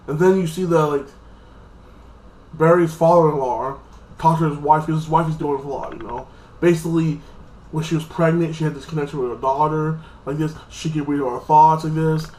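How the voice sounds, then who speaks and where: Casual male reviewer, slightly high voice, rambling delivery, echoey room. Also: a little hiss or hum. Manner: rambling, loose, many fillers and restarts. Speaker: TV episode reviewer.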